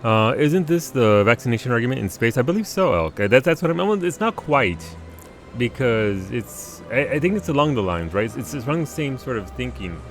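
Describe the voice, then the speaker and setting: Animated, laughing male game streamer. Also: mid-range voice, a little fast, faint music behind. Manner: animated, laughing, stammering restarts. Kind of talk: casual live gameplay commentary.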